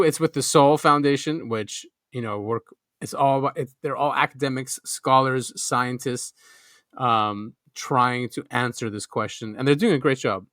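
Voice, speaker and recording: A man's voice: mid-range voice, a bit bright, no room sound, studio quality. A man hosting a podcast, chatting in a jokey way and laughing often. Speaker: podcast host. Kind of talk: casual chat.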